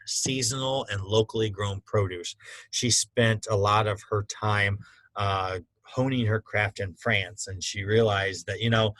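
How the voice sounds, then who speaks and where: A man's voice: fairly low pitch, a bit bright, no echo, low-quality recording. A man teaching a culinary school class in a casual, conversational lecture with frequent fillers. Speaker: culinary instructor.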